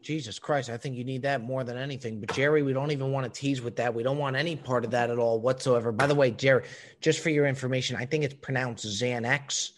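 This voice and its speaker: A man's voice: medium pitch, fairly even intonation, fast talker. A man co-hosting a casual comedy podcast, lecturing his co-host in a needling, mock-serious way.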